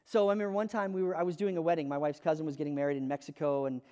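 A man's voice: a little high, little pitch movement, very fast, warm tone, big-room sound. An American man preaching a sermon in a conversational, self-deprecating storytelling way, with frequent fillers. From United States.

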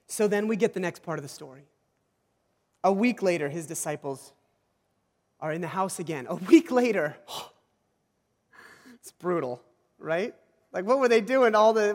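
A male pastor with a fairly high voice tells a rambling, self-deprecating story in his sermon. He stumbles and restarts often. His voice rings with the long reverb of a large hall.

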